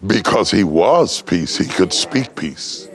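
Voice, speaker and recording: An older man from West Virginia preaching a sermon, building from low, slow telling to high, ringing shouts. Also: animated. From West Virginia, United States. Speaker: pastor.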